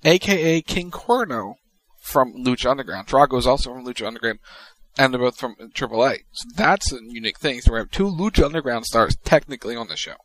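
A man co-hosting a wrestling podcast, talking through upcoming matches in a relaxed, matter-of-fact way. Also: medium pitch, quick pace, no room sound. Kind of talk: casual chat.

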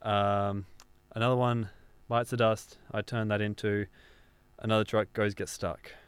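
A man's voice: fairly low pitch, little pitch movement, a little slow, clean tone. A man hosting a comedy radio interview, playing it mock-earnest and soothing. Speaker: radio host.

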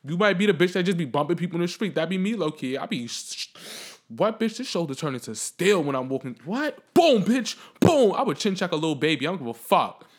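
A man telling a story in a casual vlog rant, profane and animated, swinging from loud outbursts to quiet reflection. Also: a little high, very fast, hardly any pauses.

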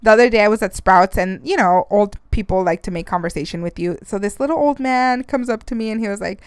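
Young female podcast host, rambling and swearing, drops in Spanish phrases, smooth voice, dry close sound. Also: medium pitch, quick pace, no room sound. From Arizona, United States. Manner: chatty and rambling, swears, mixes in Spanish phrases, laughs often. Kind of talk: casual solo podcast rant.

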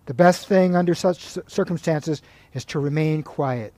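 A monk giving a spiritual talk, with a fairly high yet mellow, warm voice. He tells stories calmly and at an even, measured pace. The sound is dry and close. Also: dry recording. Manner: calm, measured storytelling with reading aloud of quoted passages.

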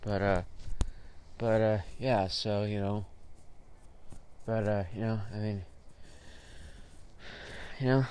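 This podcast host speaks slowly in a lowish, steady, darkish voice, pausing often, with a little hiss or hum in the audio. His solo monologue rambles, is stuffed with fillers and profanity, and erupts in sudden frustrated bursts.

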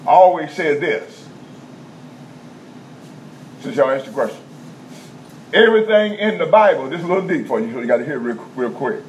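A man preaching a teaching sermon in a conversational style, checking in with the congregation and repeating key points slowly in vernacular speech. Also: medium pitch, a little mellow. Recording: dull lo-fi sound with faint background noise.

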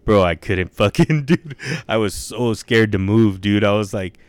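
Laid-back swearing young man, smooth voice. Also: fairly low pitch, measured pace, no room sound. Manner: laid-back, swears a lot, says dude and bro. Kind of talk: casual storytelling chat.

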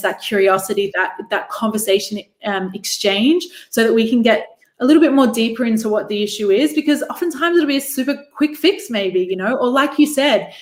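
A woman's voice: on the high side, echoey room. A woman, a podcast guest who talks about leadership and mentorship in an easy, thoughtful way. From Australia. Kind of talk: casual interview chat.

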